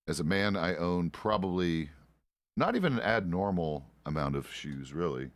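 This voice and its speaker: A man's voice: extremely low pitch, dry recording. A man streaming a western roleplay game, chatting casually in character as a deputy with loose, profane, rambling asides.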